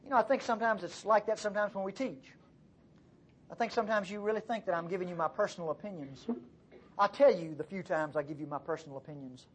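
A man preaching a sermon, retelling a story in a lively, conversational way. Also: high voice, quick pace, slight background noise.

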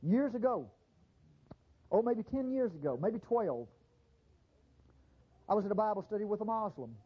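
A man preaches a fervent sermon, his voice climbing high and swinging widely as he presses each point. The tone is husky and a little breathy. The recording sounds dull and lo-fi. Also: sing-song, moderate pace.

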